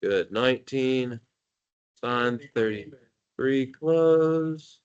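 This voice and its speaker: A man teaching math to a class, animated and jokey, calling on students by name. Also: mid-range voice, very slow, clean tone, lo-fi sound. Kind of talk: classroom lecture.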